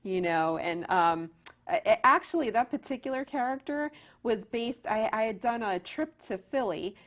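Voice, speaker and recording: A woman actress and playwright, a guest on an interview show, telling lively stories with many restarts. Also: fairly high pitch, normal speed. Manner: animated storyteller, many restarts. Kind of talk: casual interview chat.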